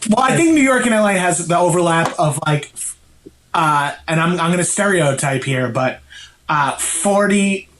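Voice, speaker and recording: A male comedian guesting on a podcast, ranting in a wry, profane way. His voice is a bit high for a man. Faint noise sits under the recording. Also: lively intonation, moderate pace, a bit bright, poor audio. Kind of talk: casual comedic chat. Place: Los Angeles.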